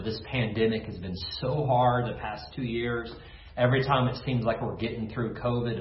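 A man preaching a sermon as pastor, telling stories in a folksy, conversational way. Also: medium pitch. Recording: echoey room, slightly dull sound.

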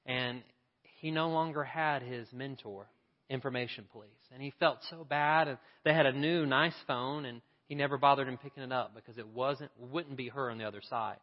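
A man telling a story in a sermon, lively and acting out the voices of its people. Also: medium pitch, long reverb tail, dull audio. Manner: animated, acts out the voices in his story. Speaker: preacher.

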